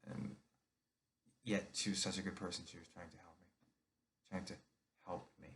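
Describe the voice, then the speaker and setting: A man's voice: low voice, fairly even intonation, moderate pace, fairly bright tone, a little hiss or hum. A middle-aged man from New Jersey telling his own story in a candid, confessional monologue.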